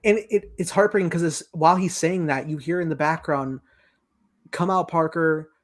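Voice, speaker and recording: A man's voice: fairly high pitch, fairly quick. A young man co-hosting a casual film review podcast, animatedly retelling scenes and acting out quoted lines. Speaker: podcast co-host.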